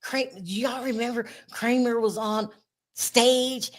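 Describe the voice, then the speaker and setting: A woman hosting a casual livestream chat, talkative and expressive, laughing often. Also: on the high side, slow, a little hiss or hum. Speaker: host.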